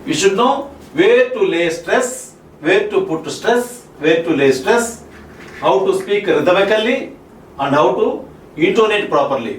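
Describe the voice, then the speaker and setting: A man with an Indian English accent giving a classroom lecture on spoken English, repeating each point and checking with "Okay?" and "Clear?". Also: sits high, lively intonation, measured pace, a little hiss or hum. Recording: roomy echo, mic far off, faint ambience.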